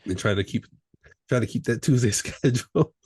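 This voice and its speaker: A man's voice: mid-range voice, normal speed, a little mellow, breathy edge, no echo, clean studio sound. A man co-hosting a casual movie podcast, laid-back and slangy, joking and laughing often. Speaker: podcast co-host. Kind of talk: casual movie-review chat.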